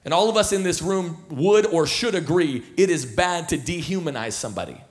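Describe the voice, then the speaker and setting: A man's voice: on the high side, animated, a little fast. Casual, story-telling man pastor. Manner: casual storytelling, many fillers and repeated starts. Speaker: senior pastor. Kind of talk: sermon. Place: church auditorium.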